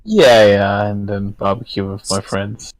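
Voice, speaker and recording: A man's voice: fairly low pitch, unhurried, no echo, poor audio. Giggly, hesitant young-sounding male player. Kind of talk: casual tabletop play.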